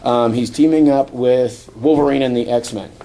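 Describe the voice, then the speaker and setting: A man hosting a podcast, loosely recapping a comic book plot with many fillers, chuckling and slipping into quick character voices. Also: medium pitch, warm tone, a little hiss or hum. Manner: rambling, acts out quotes, chuckles often. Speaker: podcast host. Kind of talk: casual comic book review chat.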